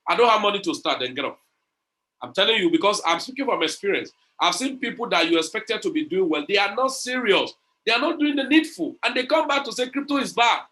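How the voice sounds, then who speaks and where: A man's voice: sits high, expressive, fast, hardly any pauses, pushed and bright. A man leading an online crypto community session, talking in a preachy, motivational way, repeating phrases and retelling conversations.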